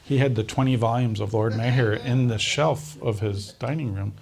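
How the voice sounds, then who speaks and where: In a conversational interview, a male guest recounts a personal story with lots of energy, acting out other people's lines and laughing often. His voice is a typical mid-range pitch for a man, slightly mellow and creaky, and he speaks at a moderate pace.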